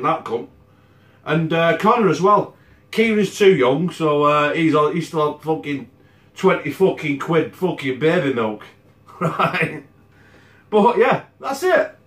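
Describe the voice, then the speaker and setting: Sweary, animated working-class man. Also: on the high side. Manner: blunt, swears constantly, chatty and animated. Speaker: home cooking channel host. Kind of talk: casual sweary to-camera chat. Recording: echoey room.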